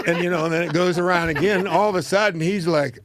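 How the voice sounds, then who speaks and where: Over a noisy background, a high-pitched man in his seventies hosts a talk show. He tells a meandering, folksy tale from his boyhood and laughs at his own stories.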